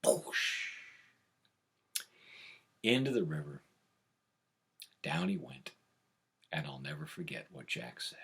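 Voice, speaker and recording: A man telling a tall tale as a storyteller, full of sound effects, dropping to whispers and building up to shouts. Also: extremely low pitch, big pitch swings, measured pace, vocal fry, pauses often, husky. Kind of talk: animated oral storytelling.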